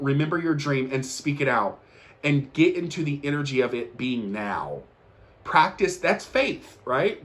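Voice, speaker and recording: A man's voice: medium pitch, a bit bright. A young man hosting his own show, giving an earnest, emphatic motivational talk and repeating key lines for effect. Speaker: podcast host. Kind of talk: motivational monologue.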